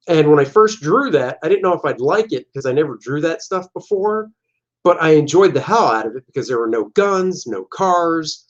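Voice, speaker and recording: A man streaming a casual look back at his own comic pages, with relaxed, rambling commentary and answers to chat questions. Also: fairly high pitch, dull audio. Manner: relaxed, rambling, acts out panel dialogue in silly voices.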